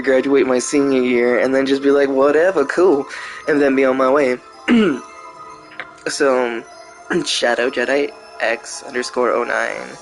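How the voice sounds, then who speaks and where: A man's voice: medium pitch, poor audio. A man of about thirty from Texas, a gaming streamer telling a long casual story in a ranting way, swearing heavily. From Texas, near the border. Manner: profane, ranting, heavy swearing.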